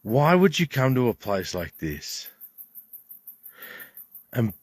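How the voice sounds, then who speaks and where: A man's voice: mid-range voice, sing-song, slow, no room sound, clean studio sound. An older Australian man ranting to camera at a bush campsite, indignant and rambling, swearing heavily. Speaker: vlogger. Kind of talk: angry rant to camera.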